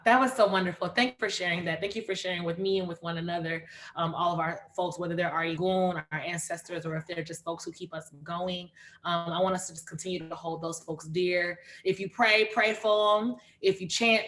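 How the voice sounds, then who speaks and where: A woman hosting a livestreamed poetry reading, lively and chatty, calling out names and urging the audience on. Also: fairly low pitch, moderate pace, slight background noise. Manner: lively, calls out names and cheers on the chat. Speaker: host of an online reading series.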